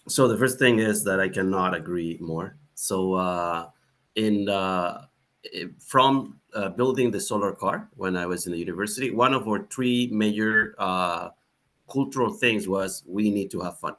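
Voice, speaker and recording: Animated low-voiced man on a panel. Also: a little slow. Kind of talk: panel discussion.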